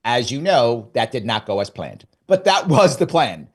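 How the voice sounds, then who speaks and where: A middle-aged man from New York talking as an interview guest. He tells his story in an animated way and slips into the voice of his own past thoughts. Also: medium pitch, normal speed, breathy edge. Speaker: guest, former governor candidate. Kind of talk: casual interview chat.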